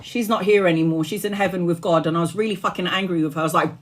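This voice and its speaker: A chatty woman talks into her phone on a long live stream, her voice tired after hours on air. She tells stories in a loose, animated way, laughs often and swears without a second thought. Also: lowish voice, fast talker, hardly any pauses. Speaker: tarot reader streaming live. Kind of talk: casual live-stream chat.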